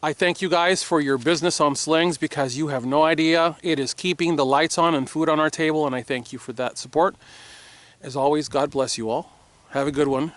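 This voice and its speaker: A man's voice: on the high side, steady tone, a little fast, dry recording. Fiery middle-aged man ranting to camera. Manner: swings from shouting to hushed apologies. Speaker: firearms accessory maker and vlogger. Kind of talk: impassioned political monologue to camera.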